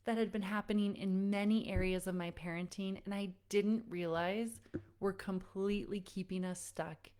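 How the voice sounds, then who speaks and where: A woman in her own easygoing voice, pitched right in the middle, leads a live online parenting workshop. She talks directly to the listeners as friends and cheers them on. Her stories come out chatty and loose, full of "like"s, as if she were sitting across from a parent. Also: fairly even intonation, normal speed, darkish tone. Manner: encouraging, speaks straight to listeners as friends; conversational storytelling with frequent "like". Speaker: parenting coach and counselor.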